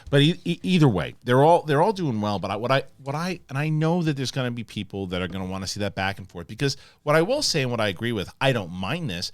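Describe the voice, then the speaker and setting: A man talking fast on a casual talk show, his pitch swinging widely as he acts out scenes in quoted voices. The sound is dry and close, with little room. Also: sing-song, no room sound. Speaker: podcast host. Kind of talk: casual chat.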